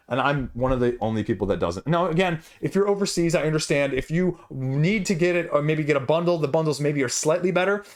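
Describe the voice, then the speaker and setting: A man's voice: on the high side, a little fast. A man hosting a board game channel, ranting casually to camera in a passionate, emphatic way, his voice jumping when he gets worked up. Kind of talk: casual opinion rant to camera.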